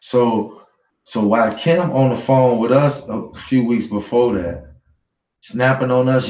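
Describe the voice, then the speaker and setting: A man's voice: medium pitch, a little slow, a little mellow. Emphatic man ranting in a roomy, dull recording. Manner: emphatic, repeats points, talks straight to viewers, swears freely. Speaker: online news commentator. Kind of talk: casual commentary to viewers.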